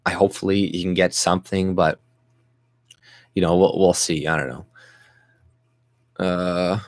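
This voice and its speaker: A man's voice: deep voice, steady tone, a little slow, no room sound. A man hosting his own livestream, ranting in a rambling, profane, agitated way. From Canada. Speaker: vlog host. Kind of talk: livestream rant.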